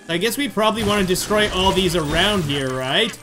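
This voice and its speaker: A man giving chatty, excitable commentary over his own video game playthrough. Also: high-pitched, fairly quick, hardly any pauses. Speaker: gamer doing a playthrough. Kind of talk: casual let's-play commentary. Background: game music.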